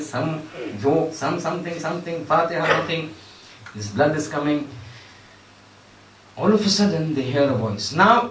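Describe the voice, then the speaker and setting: A man's voice: on the high side, a bit bright. A man giving a religious sermon, telling a story with acted-out dialogue and emphatic rhetorical questions. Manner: acts out dialogue, shifts voice for characters, emphatic and rhetorical. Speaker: Shia cleric giving a Muharram lecture. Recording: echoey hall, voice from a distance.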